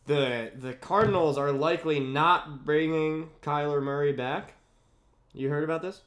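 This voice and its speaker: A man's voice: on the high side, fairly even intonation, a little slow, a bit bright. A man co-hosting a casual sports chat, teasing and nitpicking his partner.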